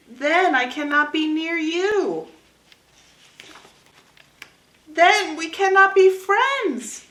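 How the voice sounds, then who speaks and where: A woman's voice: high voice, pushed and bright, reverberant, heavily acted. Gerald, a woman doing a fretful elephant. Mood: gloomy. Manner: worried, halting, dramatic, sneezy. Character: anxious male elephant, big and dramatic. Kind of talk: picture-book read-aloud.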